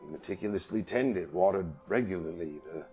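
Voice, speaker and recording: A man's voice: low-pitched, moderate pace, soft background music. A man narrating as dungeon master in a tabletop game, talking animatedly and voicing the characters. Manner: animated, drops to a hushed voice for a character, bursts into loud outbursts.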